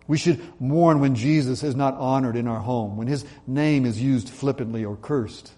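Earnest man preaching, mellow voice. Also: medium pitch. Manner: earnest, slows and drops his voice for emphasis. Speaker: pastor. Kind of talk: sermon.

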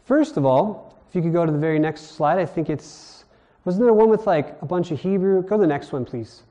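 Mellow-voiced man preaching from Hawaii. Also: fairly high pitch, fairly quick, lo-fi sound. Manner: conversational teaching, asks the audience questions. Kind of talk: sermon.

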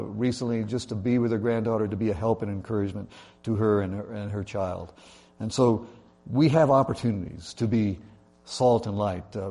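A man's voice: mid-range voice, dark tone. A man preaching a sermon in a church, talking in a conversational way with many fillers and building emphasis through lists. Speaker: pastor.

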